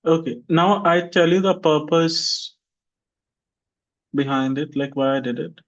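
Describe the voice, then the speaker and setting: A man teaching an online English class, drilling pronunciation by slowly repeating words for his students. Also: a little high, muffled recording. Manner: slow, deliberate repetition of words for students.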